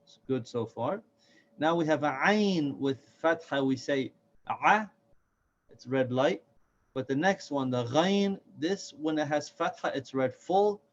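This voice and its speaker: A man's voice: fairly high pitch, expressive. Patient man teaching letter sounds, lo-fi. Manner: patient, repeats each sound slowly for learners. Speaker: Quran reading teacher. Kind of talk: step-by-step recorded lesson. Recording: dull lo-fi recording.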